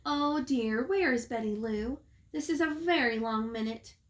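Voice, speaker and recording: A woman's voice: a little high, a little slow, close to an everyday voice. A woman reading a storybook and voicing a small, eager boy monster who talks in a childlike, formal, self-announcing way. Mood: fretful. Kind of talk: storybook read-aloud.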